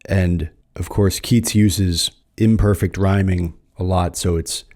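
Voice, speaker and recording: An American man hosting a podcast, explaining poems and then reading them aloud in a measured way, slowing down for the verse. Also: sits low, steady tone, a little mellow. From United States. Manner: measured, slows down to recite verse. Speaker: podcast host. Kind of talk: reading poetry aloud and commenting.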